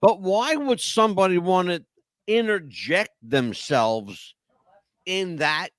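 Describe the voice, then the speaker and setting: A man co-hosts a live podcast, reading out chat messages and talking rowdily, cursing freely and leaning on "you know" as filler. His voice sits high and expressive, with a slow pace and a fairly bright tone, recorded with no room sound.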